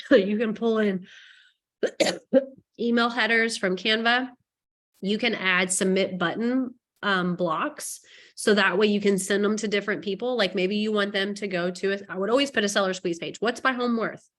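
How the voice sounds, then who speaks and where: A woman real estate coach giving a casual training presentation, chatty and joking as she rushes through her points. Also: medium pitch, steady tone, fairly bright tone.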